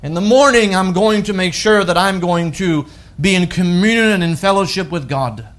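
Male pastor, high-pitched, emphatic sermon delivery with loud peaks and soft falls. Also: normal speed. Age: adult with wife and children. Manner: emphatic preaching with wide swings from loud to hushed.

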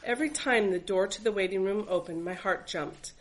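A woman's voice: mid-range voice, fairly quick, slight background noise, rough recording. Earnest woman reading her own memoir. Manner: earnest, reflective, faith-filled. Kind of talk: reading a personal memoir aloud.

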